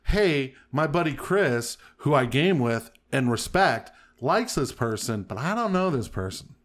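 A man's voice: mid-range voice, sing-song, unhurried. A middle-aged man co-hosting a podcast, chatting casually and ranting with lots of swearing and exasperation. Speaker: podcast co-host. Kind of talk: casual chat.

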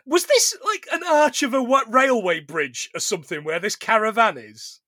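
Animated high-pitched podcast host. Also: male voice, normal speed, dry recording, studio quality. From England. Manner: jokey and animated, laughs often. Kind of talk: casual film-review chat.

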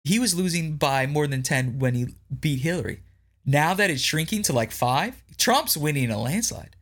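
Podcast host, male, incredulous ranter, swoops up and down in pitch, repeats himself for emphasis. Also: lively intonation, normal speed, a bit bright. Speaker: political commentary podcast host. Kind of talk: opinionated commentary, reading news aloud and reacting.

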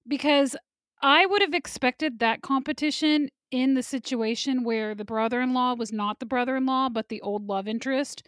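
This is a talkative woman reviewing movies with a friend, her opinions quick and candid. Her voice sits on the higher side and sounds close and dry, with no room around it. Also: a bit bright, no echo. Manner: opinionated, chatty, laughs often. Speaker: podcast co-host. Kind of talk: casual movie review chat.

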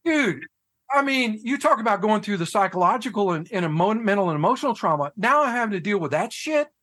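Animated man telling his story, swearing freely. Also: sits high, fast talker. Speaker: guest, head of a fathers' nonprofit. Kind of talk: casual podcast conversation.

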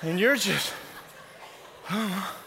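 A man in his forties preaching a sermon, telling animated stories and acting out scenes. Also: sits high, extremely slow, vocal fry, background noise. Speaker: pastor. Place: large church worship center. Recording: long hall reverb.

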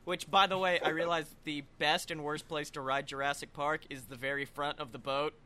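A man's voice: on the high side, steady tone, fairly quick, bright, forceful tone. A young man co-hosting a podcast, chatting casually and laughing often. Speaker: podcast co-host. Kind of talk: casual chat. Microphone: webcam.

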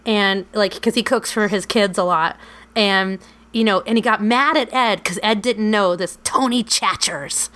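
A woman's voice: mid-range voice, a little slow, fairly bright tone. A woman co-hosting a podcast, chatting casually and rambling, swearing freely and laughing often. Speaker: podcast co-host. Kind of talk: casual podcast outro chat.

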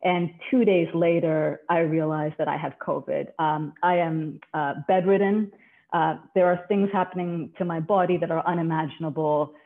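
A woman's voice: low-pitched, steady tone, normal speed. A woman from Canada, a leadership coach, telling her story as a podcast guest in a composed, articulate way. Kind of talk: podcast interview. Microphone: remote call. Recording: tinny phone-like line.

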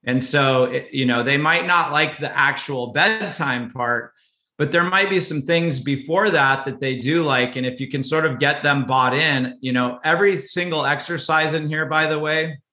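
A man speaking as a podcast guest, with a bright, forward tone. He talks in an easygoing way and often repeats words mid-thought. His voice rings around a noticeably echoey room. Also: on the high side, normal speed. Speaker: podcast guest, parenting author. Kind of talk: casual interview talk.

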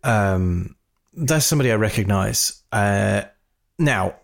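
A man's voice: lowish voice, slow, creaky. Chatty man reviewing films. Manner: animated, mimics reactions in raised voice. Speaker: podcast co-host. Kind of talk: casual film review chat.

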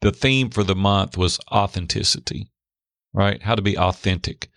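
A middle-aged man telling a candid, animated personal story as a guest in a faith-based talk. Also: lowish voice, normal speed, creaky, no room sound, studio quality. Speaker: podcast guest.

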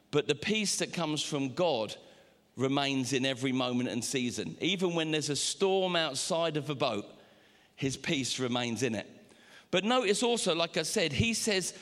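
A man preaching a sermon as pastor, animated, with sudden jumps up in pitch. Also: big-room sound.

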